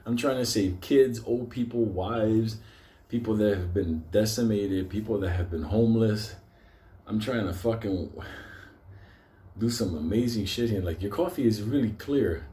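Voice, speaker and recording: This older stock market video host talks to his viewers in a casual, profane rant, cursing nonstop, wandering off topic and frequently laughing. He speaks at a moderate pace in a lowish, mellow voice.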